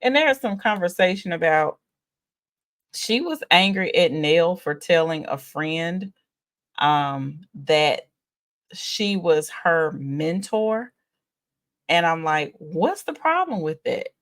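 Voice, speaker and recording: A woman's voice: lowish voice, expressive, takes it slowly. A woman hosting a casual reality show recap, chatty and exasperated, sighing and laughing as she talks.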